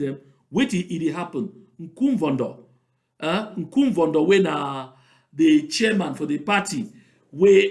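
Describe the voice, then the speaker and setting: A man's voice: high voice, reverberant. Emphatic Cameroonian Pidgin-speaking male commentator. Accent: Cameroonian Pidgin English. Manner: mocking, emphatic, repeats points for stress. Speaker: political commentator. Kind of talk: political commentary monologue.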